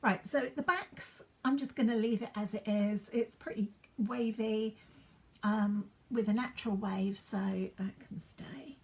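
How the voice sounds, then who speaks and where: A woman chats in a rambling way as she styles her hair for a get-ready-with-me vlog at home, dropping into soft asides. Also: a little high, steady tone, measured pace. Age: 50s. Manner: chatty, rambling, drops into soft asides while working. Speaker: beauty vlogger.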